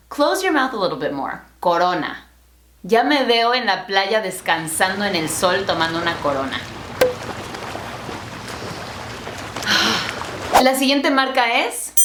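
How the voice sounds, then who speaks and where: A woman's voice: mid-range voice, a bit bright, a little hiss or hum. Bilingual woman teacher, roomy echo. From Latin America. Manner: clear, deliberate enunciation, switching between English and Spanish. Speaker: language teacher. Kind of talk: bilingual pronunciation lesson.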